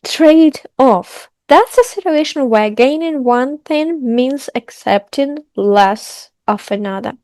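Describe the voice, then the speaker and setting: Upbeat high-voiced woman teacher. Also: slow, no echo. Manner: upbeat, lively, stresses key words. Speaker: English teacher. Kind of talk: online English lesson.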